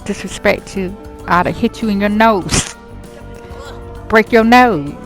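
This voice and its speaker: A woman's voice: medium pitch, a little slow, soft background music, close to an everyday voice. A woman voicing a hot-tempered young man who blusters and threatens in street slang, for a life-sim game story. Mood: angry.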